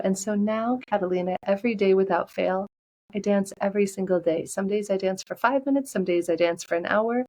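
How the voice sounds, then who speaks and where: Upbeat animated woman guest. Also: medium pitch, brisk, poor audio. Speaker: podcast guest, coach. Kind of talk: casual interview talk.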